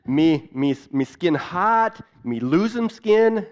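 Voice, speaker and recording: A man's voice: high voice, lively intonation, takes it slowly, voice pushed up. A man voicing a sick hospital patient who coughs up blood, listing symptoms in broken, simple speech, in a dull lo-fi recording. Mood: weary.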